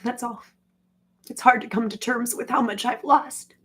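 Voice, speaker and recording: A woman in her forties talking to her viewers in a rambling, casual monologue, halting often and filling her speech with "like". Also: fairly high pitch, steady tone, background noise. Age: 40s. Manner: halting, heavy with "like" fillers.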